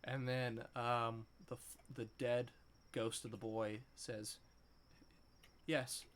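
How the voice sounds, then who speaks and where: A man's voice: mid-range voice, flat delivery, slow, a bit bright. A man narrating as game master, describing the scene with frequent ums.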